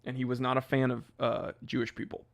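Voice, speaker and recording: A man's voice: mid-range voice, monotone, fast, gravelly. Rambling male livestream host. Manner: rambling, loose, laughs at his own jokes. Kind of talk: casual livestream chat.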